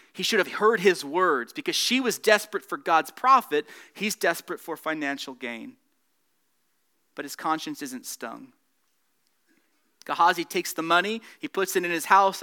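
A man preaching a sermon, earnest, rising in emphasis and dropping soft at the close of points. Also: a little high. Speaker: pastor.

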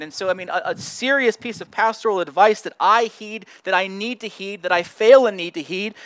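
High-voiced man preaching a conversational sermon. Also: fairly bright tone, no room sound. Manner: earnest, conversational, with frequent repeated words and restarts. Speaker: pastor.

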